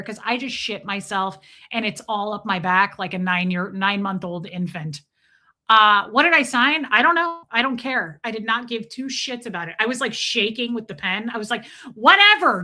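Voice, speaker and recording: Bright, brassy woman livestreamer. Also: on the high side. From United States. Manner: profane, animated, quick asides. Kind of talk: casual storytelling while reading live chat.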